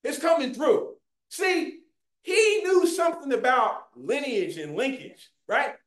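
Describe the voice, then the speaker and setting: Fervent preacher, high voice, shouts and calls to the congregation; roomy church sound. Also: animated, slow pace. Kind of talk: sermon. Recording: echoey room.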